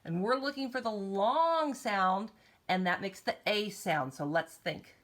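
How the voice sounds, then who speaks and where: A woman teaching kindergartners phonics, slowly drawing out vowel sounds in an encouraging, sing-song way and speaking straight to the children. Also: medium pitch, a bit bright. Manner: encouraging, talks directly to children. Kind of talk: recorded morning meeting lesson for young children.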